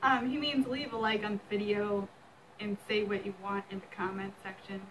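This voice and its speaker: A woman's voice: mid-range voice, fairly even intonation, normal speed, background noise. A woman hosting her own video, playing a casual challenge game with her brother and laughing often. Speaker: vlogger host.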